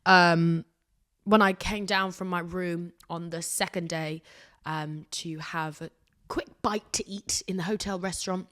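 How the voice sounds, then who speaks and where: A woman's voice: on the low side, steady tone, unhurried, a bit bright. A woman hosting her own podcast, telling stories in a rambling, self-mocking way with sudden drops to a whisper. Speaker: podcast host. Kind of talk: casual solo podcast chat.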